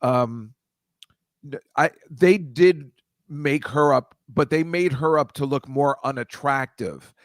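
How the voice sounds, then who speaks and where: A rambling older man over sixty-five, telling self-deprecating stories in an easy, casual way. His voice is mid-pitched and sounds dry and close, with no room around it. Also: slow, no room sound. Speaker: podcast co-host. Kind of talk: casual chat.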